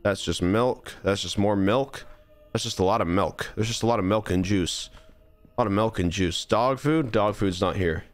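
A man with a Californian accent giving live commentary as he plays a game, animated and incredulous, often repeating words and restarting sentences. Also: on the low side, moderate pace, faint music behind. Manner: rambling, restarts and stammers. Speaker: streamer.

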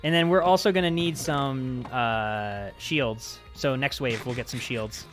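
A man's voice: mid-range voice, measured pace, fairly bright tone, faint music behind. A man hosting a casual game session, upbeat and explaining the game mechanics as he plays. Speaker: host and map maker. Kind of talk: casual gameplay chat.

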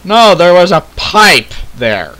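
A young man talks through a game he is playing, tired and excitable, swearing freely between laughs. His voice sits high and swings widely in pitch, with a bright edge, and he takes his time over the words. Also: slow. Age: young adult. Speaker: gamer recording a playthrough. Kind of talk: casual let's-play chat.

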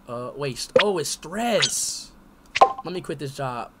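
A young man streaming a game live, talking to himself and his chat, swinging between loud yelling and quiet muttering. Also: on the high side, lively intonation, slow pace, very noisy. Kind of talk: live gameplay commentary. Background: loud music.

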